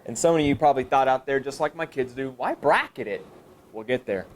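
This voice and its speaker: A man's voice: brisk, slight background noise. A man presenting a teacher training session to a live audience, thinking aloud and asking and answering his own questions. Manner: animated, jumps high in pitch for emphasis. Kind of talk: professional development workshop talk. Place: high school room with an audience. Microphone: camera recording a live session.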